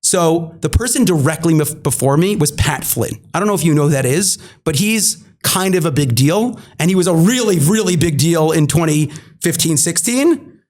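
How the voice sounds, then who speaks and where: A man with a fairly high voice tells a story as a podcast guest. He is animated and filler-heavy, and he slips into quick acted-out bits of dialogue. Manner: animated, many fillers, acts out quoted dialogue. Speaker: podcast guest, marketing entrepreneur. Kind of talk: storytelling anecdote.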